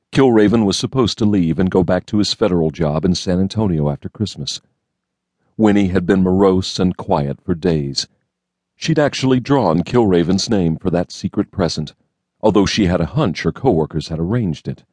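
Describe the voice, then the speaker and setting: Deep-voiced guy reading an audiobook, steady and measured, dry studio sound. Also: no room sound. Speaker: audiobook narrator. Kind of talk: scripted narration.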